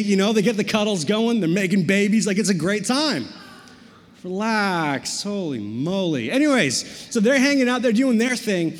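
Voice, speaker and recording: A man's voice: high-pitched, lively intonation, normal speed, big-room sound. A man preaching a sermon as a pastor, joking and casual, with slang asides between verses.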